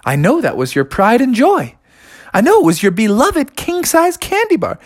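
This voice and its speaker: A woman voicing a small, whiny brother bear cub with a squeaky voice in a children's story. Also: huge pitch swings, moderate pace. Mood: pleading. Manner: squeaky and protesting.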